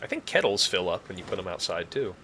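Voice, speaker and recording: A young man chatting casually on a live stream, joking and rambling, sometimes working himself into loud mock rants. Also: low-pitched, big pitch swings, quick pace, gravelly, a little hiss or hum. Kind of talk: casual chat while gaming.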